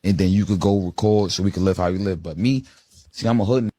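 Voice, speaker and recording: Husky, boastful man telling a street story. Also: low-pitched, fast, warm tone, no room sound. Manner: loose and boastful, tells it as street talk. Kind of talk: casual storytelling in an interview clip.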